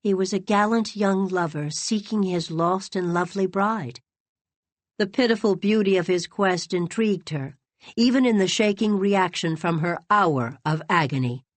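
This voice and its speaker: A woman reading a novel aloud as an audiobook narrator, in an expressive, dramatic storytelling manner. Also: mid-range voice, normal speed, dry recording. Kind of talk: scripted narration.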